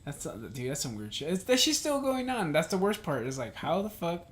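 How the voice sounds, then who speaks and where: A man's voice: on the high side, big pitch swings, a little fast, fairly bright tone. A young man co-hosting a casual podcast chat, ranting heatedly and swearing a lot. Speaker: podcast co-host.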